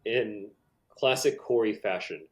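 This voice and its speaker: A man's voice: on the low side, unhurried. A man running a tabletop game as game master, narrating in an easygoing way.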